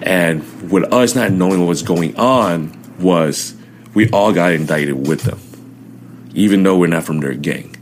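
A man in his twenties tells his own story as a guest in an interview. His voice sits very low. He is animated and acts out what others said to him. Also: measured pace, a little hiss or hum. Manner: animated storytelling, acting out quotes loudly.

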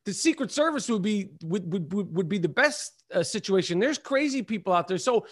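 High-voiced man, animated and profane. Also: a little fast. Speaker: podcast guest. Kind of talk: casual chat.

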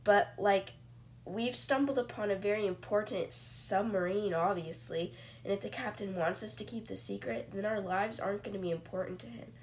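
A woman voicing a cautious male professor who reasons calmly. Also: medium pitch, normal speed, a little hiss or hum, lightly acted.

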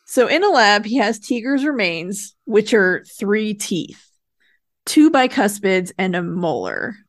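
A woman's voice: medium pitch, sing-song, slow. A woman co-hosting a podcast, talking in a chatty, conversational way while recapping a show. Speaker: podcast co-host. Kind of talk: casual recap chat.

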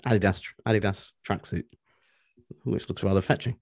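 Husky low man joking around. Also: fairly even intonation, a little fast, darkish tone, no echo, clean studio sound. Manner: jokey, self-mocking, laughs often. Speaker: podcast co-host. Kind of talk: casual chat.

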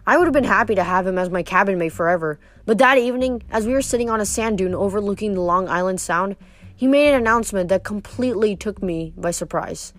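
A woman's voice: mid-range voice, quick pace. A woman reading a novel aloud expressively, with occasional slips and restarts. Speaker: reader.

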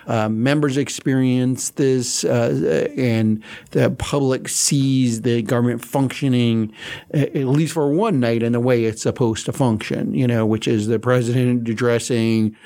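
A man, a veteran political reporter, recounting memories in a halting, anecdotal way with many fillers. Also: medium pitch, gravelly, mellow. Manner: anecdotal, halting, lots of "you know". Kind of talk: interview storytelling.

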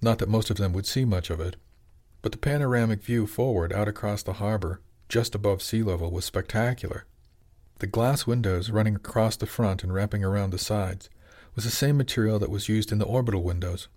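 A man narrating an audiobook chapter in an even, measured storytelling manner. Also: fairly low pitch. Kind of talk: scripted narration.

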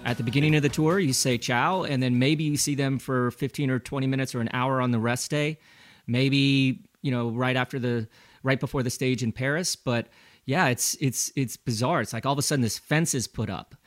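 A man's voice: mid-range voice, fairly even intonation, fairly quick, dry recording, clean studio sound. A man who is a former pro cyclist and a guest on a casual interview, telling easygoing anecdotes and acting out the lines he quotes.

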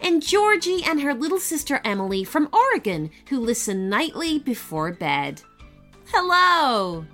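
Casting: woman storyteller for kids, lively pitch, slow and gentle delivery. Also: faint music behind. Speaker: podcast host and storyteller. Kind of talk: bedtime story narration.

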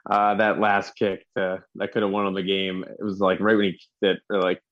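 A man's voice: low-pitched, completely flat delivery, a little fast. A man co-hosting a casual football talk show, breaking down plays in an easygoing way and chuckling often. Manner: easygoing, chuckling, laid-back analysis. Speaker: sports podcast co-host. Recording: dull lo-fi sound.

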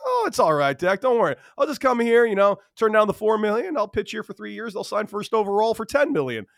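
A brash young college pitcher with a high, thin voice, as a man puts him on. He sounds breezy and sure of himself, tossing off his lines with offhand swagger. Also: sing-song, fairly quick, vocal fry, no room sound, studio quality, exaggerated voice. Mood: cocky.

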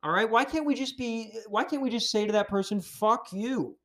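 A man hosting a podcast, ranting casually in a heated, profane, animated way. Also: very high-pitched, fast. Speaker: podcast host.

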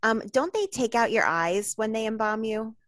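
A woman's voice: a little high, normal speed, a crowd in the background. A woman co-hosting a casual movie review podcast, amused and asking questions between laughs. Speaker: podcast co-host.

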